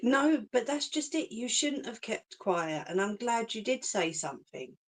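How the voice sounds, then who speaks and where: A woman's voice: fairly high pitch, sing-song, measured pace. A middle-aged woman chatting casually with live viewers, reassuring and laughing often. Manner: chatty and reassuring, laughs often, says "do you know what I mean". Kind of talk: casual live-stream chat.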